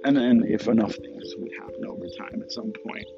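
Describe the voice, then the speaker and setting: A man's voice: on the low side, steady tone, fairly quick, dull audio, over music. A man giving a reflective personal talk in a conversational way, often checking in with his listeners. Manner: conversational, rhetorical asides and "right?" checks. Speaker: speaker reflecting on religious practice.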